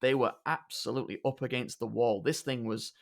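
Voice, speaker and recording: A man co-hosting a podcast, telling game stories in a relaxed, chatty way. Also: mid-range voice, a little fast, vocal fry. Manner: storytelling, laughs at mishaps. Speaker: podcast co-host. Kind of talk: casual podcast chat.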